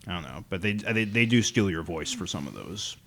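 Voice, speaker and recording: A man's voice: deep voice, animated, brisk, gravelly. A man co-hosting a podcast in casual chat, telling rambling stories with chuckles. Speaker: podcast co-host.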